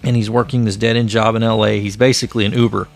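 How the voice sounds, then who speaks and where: Gravelly low-voiced man hosting a comic review. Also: level tone, fast talker, faint music behind. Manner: chatty plot retelling, loose and rambling. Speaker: comic book review show host. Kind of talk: casual spoken review.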